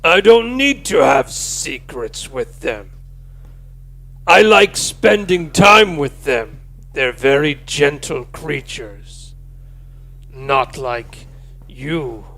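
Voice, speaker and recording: A man's voice: fairly high pitch, expressive, drawn-out words, creaky, a bit bright. A man playing his character in a tabletop game, speaking plainly and earnestly. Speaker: player voicing his character. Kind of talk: in-character role-play.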